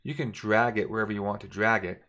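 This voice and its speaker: A man walks his viewers through forex charts on a screen share, easygoing and thinking aloud, frequently fixing his sentences midway. He speaks fast in a lowish voice.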